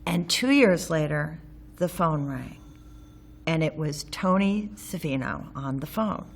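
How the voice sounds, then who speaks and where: Low-voiced woman telling a personal story. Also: lively intonation, slow pace. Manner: candid, wry, with some sarcasm; frequent ums and self-restarts while recalling. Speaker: interviewee recalling local history.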